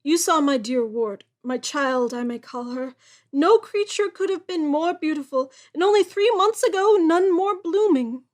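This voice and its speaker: A woman reading the part of a grave, gruff old male general in her own high voice, as in an audiobook. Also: lively intonation, unhurried.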